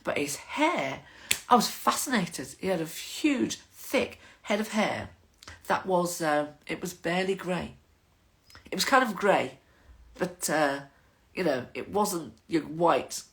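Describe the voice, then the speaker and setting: A woman's voice: fairly low pitch, lively intonation, slow. An older woman, chatting casually to her viewers in a rambling, waffling monologue as the host of her own vlog.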